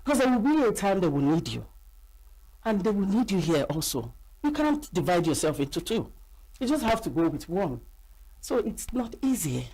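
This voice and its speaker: A middle-aged Nigerian woman, an actress, chatting in an interview and telling animated stories with acted-out quotes. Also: mid-range voice, moderate pace, slightly rough. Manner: animated storyteller acting out quoted voices. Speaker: actress and guest. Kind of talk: casual interview chat.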